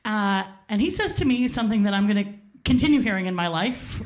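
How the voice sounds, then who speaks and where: A woman telling a funny personal story live to a theater audience, animated, swearing freely and laughing at herself. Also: medium pitch, a little fast. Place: theater stage.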